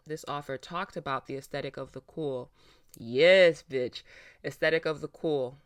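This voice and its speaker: A woman hosting a reaction video, talking in a casual, animated way with lots of fillers, frequent laughs and some swearing, into her own microphone. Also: sits low, normal speed, clean tone. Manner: laughs often while talking.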